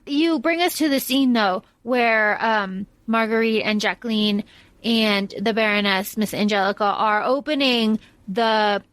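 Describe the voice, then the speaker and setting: Woman, casual chat, enthusiastic, fairly high pitch, dry recording. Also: a little slow, a bit bright, no echo. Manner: enthusiastic, gushing. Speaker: podcast co-host.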